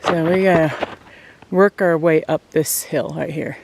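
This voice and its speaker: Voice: mid-range voice, fairly even intonation, a little slow, vocal fry, a little mellow, a little hiss or hum. Breathless vlogger trudging up a snowy hillside. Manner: chatty, addresses viewers directly, laughs often. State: out of breath from climbing. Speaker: vlogger showing their land. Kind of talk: casual walk-and-talk to camera. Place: outdoors on a snowy mountain hillside.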